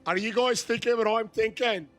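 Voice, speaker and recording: A man live-streaming a game, chatting with viewers, shouting excited greetings and swearing. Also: high-pitched, normal speed, faint music behind. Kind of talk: live-stream chat while gaming.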